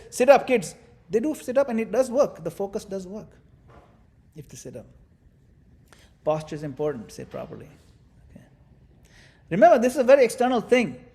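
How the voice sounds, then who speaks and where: High-voiced man teaching a devotional class. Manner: animated, demonstrative, playful asides. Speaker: spiritual teacher.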